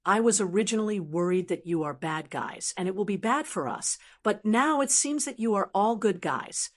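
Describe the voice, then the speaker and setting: A woman's voice: medium pitch, moderate pace, close to an everyday voice. A woman reading an eager young village man. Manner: excited and earnest.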